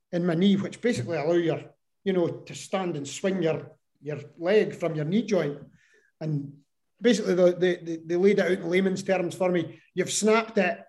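A man as an interview guest, telling a personal story in an animated way and acting out the voices he quotes. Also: high-pitched.

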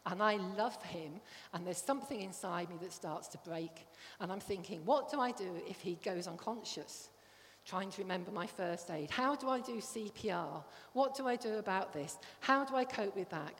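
A woman's voice: mid-range voice, normal speed, fairly bright tone. Lady preaching, earnest storytelling, long echoey hall reverb. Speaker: church speaker. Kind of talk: sermon.

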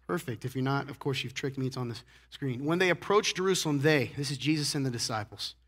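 A man preaching a sermon, joking and animated, acting out little scenes and clearing his throat often. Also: mid-range voice, fast. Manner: joking, animated, acts out characters. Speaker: pastor.

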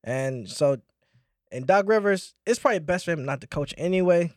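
A man's voice: a little high, animated, moderate pace, darkish tone, no room sound, clean studio sound. A man co-hosting a sports podcast, laid-back and playful in casual chat. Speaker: podcast co-host.

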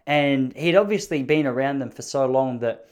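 A man's voice: medium pitch, moderate pace, smooth. An Australian man in his thirties hosting a podcast, telling rambling, jokey stories and acting out the people in them. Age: 30s. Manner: rambling, jokey, acts out quoted voices. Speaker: podcast host. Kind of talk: solo storytelling podcast.

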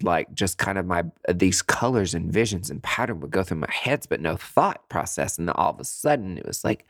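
Animated low-voiced man telling a story. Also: no echo, clean studio sound. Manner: animated, chatty, swears freely, jumps high in pitch for emphasis. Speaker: podcast host. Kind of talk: casual solo storytelling.

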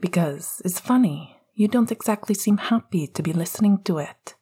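Clipped, icy teen boy wizard, low and hushed, breathy, voiced by a woman. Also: moderate pace. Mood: cutting. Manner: cold, clipped, hissing. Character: bitter teenage boy wizard, cold and cutting. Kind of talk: audiobook reading of fan fiction.

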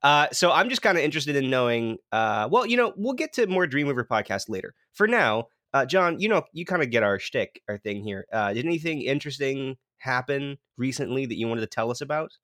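A man co-hosting a chatty podcast, cracking jokes and laughing often. His pitch swings up and down with lively energy. The sound is dry and close, with no room echo. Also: brisk, few pauses. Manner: joking, animated, laughs often. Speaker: podcast co-host. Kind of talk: casual chat.

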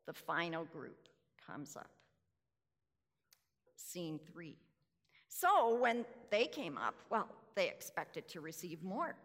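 A woman preacher giving a sermon, deliberate and full of rhetorical questions. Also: a little high, fairly bright tone. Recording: reverberant hall.

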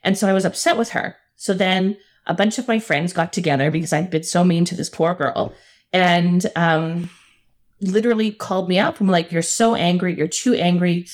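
A woman's voice: fairly low pitch, normal speed. Earnest, emphatic middle-aged woman storyteller. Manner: earnest and emphatic, with frequent laughs. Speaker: podcast guest. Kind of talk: personal storytelling in an interview.

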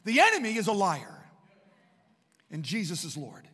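A man with a high voice preaches to students at a Bible college. His sermon swings from hushed, reflective lines to emphatic declarations. A long hall reverb trails every phrase. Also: huge pitch swings, normal speed, slightly rough. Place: large room at a Bible college.

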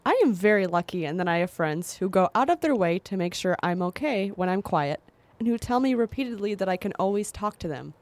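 A woman's voice: medium pitch, expressive, fairly quick, a little mellow, dry recording. Wry, laughing woman podcast co-host. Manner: self-deprecating, laughing, wry. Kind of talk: casual chat. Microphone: studio microphone.

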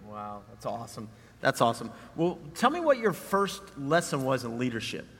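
A man hosts the interview with a husky, breathy voice, affirming what his guest says. A long hall reverb trails each line. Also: mid-range voice, big pitch swings, normal speed, fairly bright tone. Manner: encouraging, affirming responses. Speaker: interview host.

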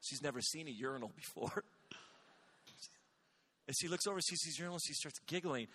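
A man in his forties preaching a sermon, telling stories with energy and rising to shouts at his high points. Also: a little fast, breathy edge. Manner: animated storytelling, rising to shouts. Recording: hall with long reverb.

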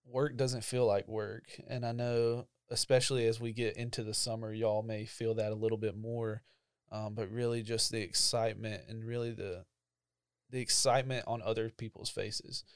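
A man's voice: fairly low pitch, level tone, moderate pace, clear, resonant tone, dry recording, clean studio sound. A young man, casually telling a personal testimony about his call to ministry, full of fillers and emotion. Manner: conversational storytelling with frequent fillers, emotional. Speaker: church ministry staff member.

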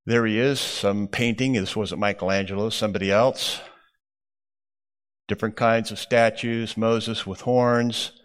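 A man teaching a Bible class, explaining slides in an unhurried way with frequent fillers. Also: on the low side, steady tone, clean tone.

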